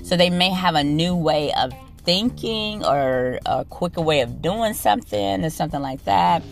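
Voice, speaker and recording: A woman's voice: fairly low pitch, expressive, normal speed, creaky, faint music behind. A woman who works as a nurse, telling a work story in a blunt, profane, sassy rant and talking straight to her listeners.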